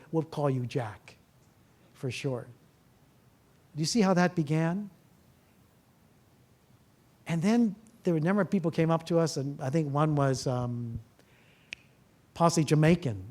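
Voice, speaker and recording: A man's voice: on the high side, normal speed, pauses often. A man, a therapist, giving a public talk to a live audience, telling stories and asking the listeners rhetorical questions. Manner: acts out dialogue in lively voices.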